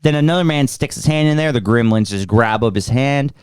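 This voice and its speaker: A man's voice: mid-range voice, fairly quick, clear, resonant tone, no echo, clean studio sound. A man hosting a casual podcast movie review, walking through the plot scene by scene. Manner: recaps the plot scene by scene, animated. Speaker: podcast host.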